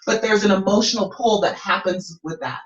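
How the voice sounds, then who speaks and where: A woman's voice: mid-range voice, fairly quick, faint music behind. A woman coaching students in an encouraging way, often checking in with "okay?". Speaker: business coach. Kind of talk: coaching lesson. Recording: roomy, distant, dull lo-fi sound.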